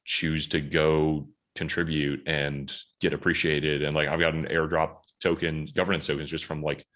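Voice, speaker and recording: A man with a rumbling low, slightly bright voice hosts a podcast interview, speaking at a moderate pace in a level tone. He asks questions in a loose, rambling way, easygoing and saying "like" often.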